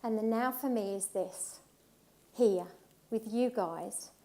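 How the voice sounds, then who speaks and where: A woman's voice: a little high, takes it slowly, mellow. A middle-aged woman from England giving an emotional, heartfelt personal talk at a live event, speaking emphatically with repetition.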